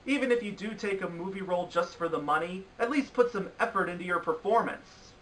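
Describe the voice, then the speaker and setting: A man rants through a countdown of bad films with exasperated disbelief. His voice is bright and cutting and sits a little high. He sounds a bit away from the mic. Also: brisk, distant mic, a little hiss or hum, poor audio. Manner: exasperated, ranting critique. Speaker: film reviewer. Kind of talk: opinionated film review countdown.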